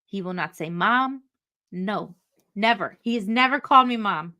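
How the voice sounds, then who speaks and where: Woman co-host, animated storyteller, crisp bright tone, casual chat. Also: mid-range voice, moderate pace. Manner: animated storyteller, laughs often. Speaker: podcast co-host.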